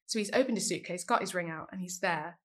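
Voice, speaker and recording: A woman, a singer chatting as a podcast guest and acting out quoted lines with big jumps in pitch. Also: fast talker, fairly bright tone. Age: 30s. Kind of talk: casual storytelling chat.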